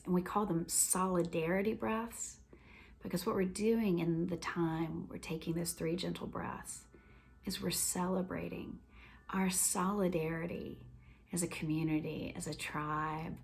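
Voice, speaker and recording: A woman teaching a laughter practice in a gentle, unhurried way, often dropping to a near whisper. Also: lowish voice, gravelly. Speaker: laughter coach. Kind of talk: instructional talk.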